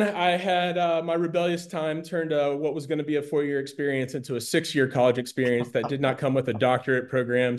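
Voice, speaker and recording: A man's voice: medium pitch, a little mellow. A man in his forties, a guest on an interview show, telling his own story candidly and earnestly, often restarting his sentences. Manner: earnest, candid, repeats words when starting a thought. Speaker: nonprofit founder, guest.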